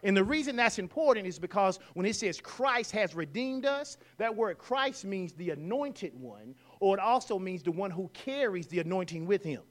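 Man, high voice, church sermon, call-and-response, bursts of loud emphasis. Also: expressive, moderate pace, hardly any pauses. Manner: call-and-response preaching, has congregation repeat phrases; rises to loud exclamations. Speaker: preacher.

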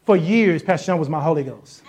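A woman's voice: low voice, expressive, fairly quick, a little mellow. A woman preaching a sermon in a casual, joking way, often acting out voices and sounds and repeating herself for emphasis. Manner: casual colloquial speech with repetitions.

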